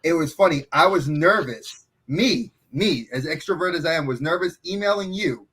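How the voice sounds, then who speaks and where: A man from New York with a New York accent, hosting a casual podcast chat as a gregarious, animated storyteller. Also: on the high side, normal speed, breathy edge. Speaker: podcast host.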